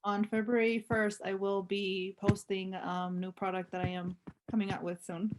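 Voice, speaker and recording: A woman business owner talking as a guest in a casual interview, expressive and given to storytelling. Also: mid-range voice, moderate pace, background noise. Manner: expressive, self-described dramatic, storytelling.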